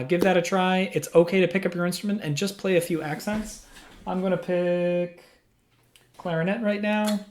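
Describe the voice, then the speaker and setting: A man working as a music teacher, giving a patient lesson in a small room and answering his own questions step by step. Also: on the high side. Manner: patient, asks questions then answers them. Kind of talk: instructional explanation. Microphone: studio microphone.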